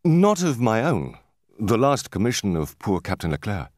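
A man's voice: lowish voice, very animated, moderate pace, darkish tone, dry recording, studio quality, pitched above the performer's own voice. A man doing an earnest, happy young sailor. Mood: happy eagerness.

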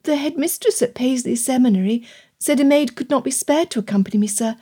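Woman putting on a soft, breathy young lady. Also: high voice, brisk, voice pushed up. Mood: demure. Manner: soft, near-whispering, studiedly innocent. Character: young genteel lady, demure, wide-eyed.

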